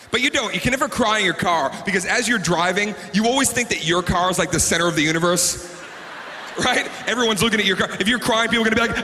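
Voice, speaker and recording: Male stand-up comedian, high and lively voice, live stage in a big reverberant hall. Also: fast talker, a little hiss or hum. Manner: animated, acts out characters and sobs for laughs. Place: stage before a live audience.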